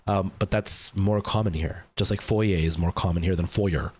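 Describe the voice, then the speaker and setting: A man's voice: sits low, steady tone, moderate pace, darkish tone, breathy edge. A young man from El Salvador with a Canadian English accent, Spanish as his first language, chatting loosely on a stream and filling his talk with "like.". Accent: Canadian English with some American. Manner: rambling, lots of "like", mimics others' voices. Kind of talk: casual stream chat.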